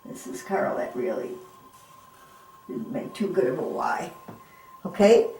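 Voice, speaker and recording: A woman's voice: lowish voice, sing-song, unhurried, dark tone, a little hiss or hum. A woman teaching a phonics lesson to young children, sounding words out letter by letter and coaxing them with questions. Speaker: reading teacher. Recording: echoey room.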